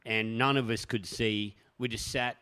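A man's voice: on the low side, fairly even intonation, normal speed, pushed and bright, clear, resonant tone. A man guest on a comedy podcast, telling a story in a rambling way and laughing often.

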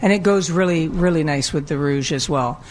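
A woman's voice: sits low, moderate pace, darkish tone, a little hiss or hum. A woman guest on a radio food show, talking about her cheeses in a friendly, enthusiastic way with small fillers. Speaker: guest, creamery owner. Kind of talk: casual radio chat.

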